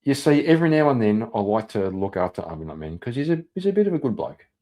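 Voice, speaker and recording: A fast-talking man with a sing-song, mid-range voice hosts a live stream, reacting to viewers in loose, profane chatter full of laughter and rambling. The recording sounds muffled.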